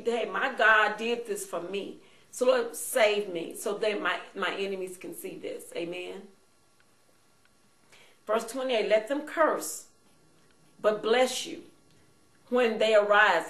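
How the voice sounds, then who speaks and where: Woman, pastor, sermon, reads and explains verses, frequent amens, echoey room. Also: mid-range voice. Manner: reads scripture then paraphrases with frequent amens.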